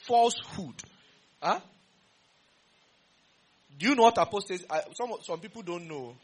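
A man with a Nigerian English accent preaching a sermon, teasing and quizzing his congregation in an animated way. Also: high-pitched, normal speed, breathy edge.

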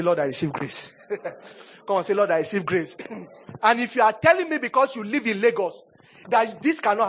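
A man preaches with emphatic repetition. His voice sits high and husky, and his bursts swing from hushed pleading to loud exhortation. The recording is dull and lo-fi. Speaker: pastor. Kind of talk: sermon.

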